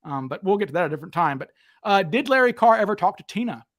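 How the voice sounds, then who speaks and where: A man with a high voice hosts a relaxed talk show. He tells stories eagerly and jumps into other people's voices when he quotes them. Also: fast talker. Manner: animated, acts out quotes with raised voice. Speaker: podcast host. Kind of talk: casual storytelling chat.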